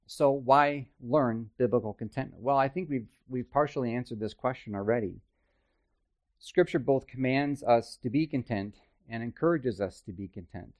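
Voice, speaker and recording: A man's voice: medium pitch, normal speed. A man teaching a Bible study in a conversational way, with chatty, self-deprecating asides and frequent checks with his listeners.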